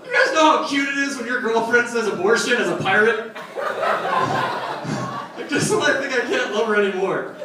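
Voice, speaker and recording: His voice extremely high and animated, a young comic does a stand-up set on a club stage, telling loose, profane stories and talking to the audience at normal speed with frequent pauses. The distant mic captures echoey room sound, background noise, and laughter from the crowd.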